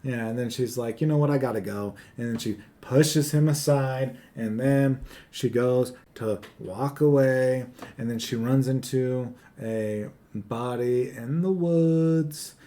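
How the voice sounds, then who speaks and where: A man's voice: medium pitch, slow, warm tone. A young man co-hosting a movie review podcast, chatting loosely and jokingly while retelling the plot. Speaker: podcast co-host. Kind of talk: casual movie review chat.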